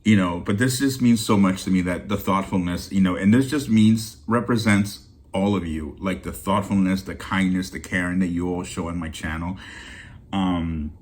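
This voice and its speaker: Male vlog host with a deep voice, teary-eyed, rambling and heartfelt, casual chat straight to viewers. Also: moderate pace. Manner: heartfelt and rambling, with many restarts. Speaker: deal-hunting channel host.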